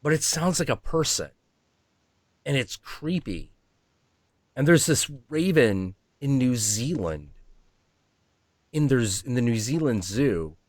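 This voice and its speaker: A man streaming casually, profane and animated, acting out animal voices as he talks. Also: mid-range voice, slow pace, pauses often, no echo. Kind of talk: casual chat.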